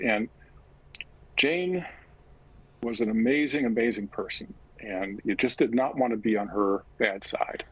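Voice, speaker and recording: A man talking as a guest in an interview, recounting a personal story in a halting, reflective way with frequent pauses. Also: on the low side, breathy edge, lo-fi sound. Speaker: guest author.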